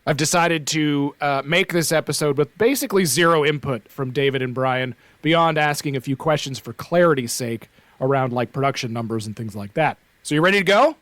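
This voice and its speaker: A man with an Atlantic Canadian accent co-hosting a podcast, talking in a lively, rambling way, often tossing in "like" and "right?". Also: on the high side, a little fast, dry recording. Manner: animated, rambling, fond of "like" and "right?". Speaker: podcast co-host. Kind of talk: casual chat.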